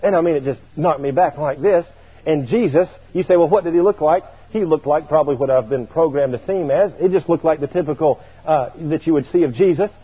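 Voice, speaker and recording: A man preaching a sermon, telling a story in an animated way and chuckling now and then. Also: a little high, brisk, husky. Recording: tinny radio broadcast.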